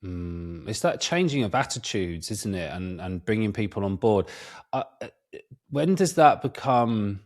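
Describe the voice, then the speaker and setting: A man's voice: lowish voice, lively intonation, unhurried, a little mellow. A man co-hosting a podcast who asks long, thoughtful questions. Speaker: podcast co-host. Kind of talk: podcast interview.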